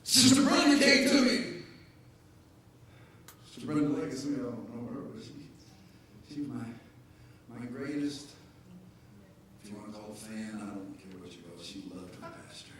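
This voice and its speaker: A man preaching an animated sermon as pastor, joking and shouting to his congregation. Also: mid-range voice, moderate pace, pauses often, slight background noise. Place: church sanctuary. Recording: echoey church hall heard from far off.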